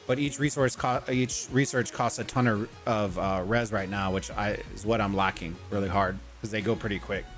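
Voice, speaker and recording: A man's voice: fairly low pitch, steady tone, normal speed, few pauses, fairly bright tone. A man hosting a casual gaming livestream, talking loosely, rambling and greeting viewers from chat, with faint music behind him. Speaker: livestream host. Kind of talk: casual gaming stream commentary.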